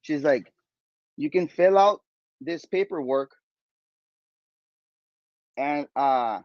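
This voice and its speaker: A man hosting a podcast, retelling a story in a rambling, animated way with lots of fillers and restarts. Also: a little high, slow pace, dry recording, highs cut off. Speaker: podcast host. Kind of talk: casual storytelling chat.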